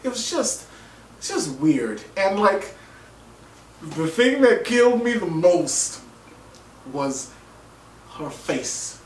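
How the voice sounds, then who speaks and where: A man's voice: high-pitched, slow, long pauses, a little hiss or hum. A man giving a casual, joking, profane recap of a TV episode and acting out what people said. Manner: animated, joking, profane, acts out quotes. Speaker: vlogger reviewing a TV episode. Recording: roomy, distant mic, faint ambience.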